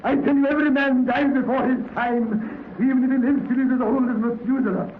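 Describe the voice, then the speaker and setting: An actor playing a stiff, formal old gentleman who lectures the young and stammers as he restarts, in 1930s radio drama style. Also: very high voice, steady tone, fairly quick, narrow, tinny audio. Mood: indignant. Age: older. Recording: scratchy, echoey 1930s radio broadcast.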